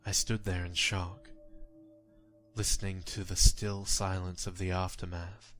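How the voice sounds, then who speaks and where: A man reading a horror story aloud in a measured, grim storytelling manner. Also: deep voice, flat delivery, fairly bright tone. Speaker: narrator. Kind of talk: scripted horror story narration. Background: faint music.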